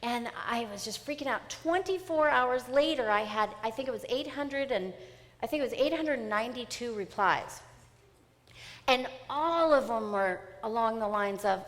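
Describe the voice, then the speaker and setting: A middle-aged woman giving an emphatic, animated motivational seminar talk. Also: on the high side, normal speed. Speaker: seminar speaker. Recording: long hall reverb.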